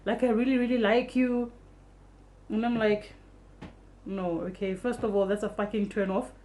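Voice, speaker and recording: A young woman vlogging casually, telling a story fast and animatedly with free swearing. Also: on the high side, steady tone, mellow, a little hiss or hum.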